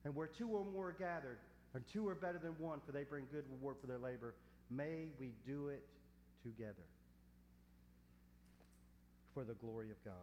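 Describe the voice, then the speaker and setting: A man's voice: medium pitch, a little mellow. Male pastor, earnest sermon delivery that drags out key words; echoey hall, faint hum behind. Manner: earnest preaching, slows to stress key words. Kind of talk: sermon and closing prayer. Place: church sanctuary.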